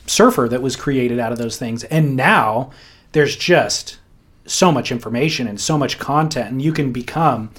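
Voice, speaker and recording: A man's voice: mid-range voice, normal speed. Middle-aged guy hosting a surf podcast, laid back, tells stories. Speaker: podcast host. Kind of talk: casual podcast chat.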